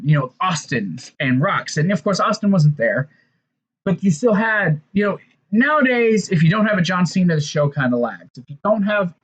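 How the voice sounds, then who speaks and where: A fairly high-voiced man talking through an old wrestling episode in a loose, rambling way, often restarting his sentences and dropping in fillers. The recording sounds dull and lo-fi, like a home setup. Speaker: wrestling show reviewer. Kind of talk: casual recap and commentary.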